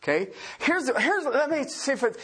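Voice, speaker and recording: In an animated, conversational expository sermon, a man keeps checking in with his listeners through repeated "Okay?" and spells words out. His voice is very high and a bit breathy, at a moderate pace.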